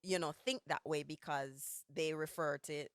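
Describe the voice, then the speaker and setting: A woman's voice: low voice, fairly even intonation, normal speed, no room sound, studio quality. A woman hosting a podcast interview, conversational and emphatic as she asks probing questions. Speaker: podcast host. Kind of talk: casual interview chat.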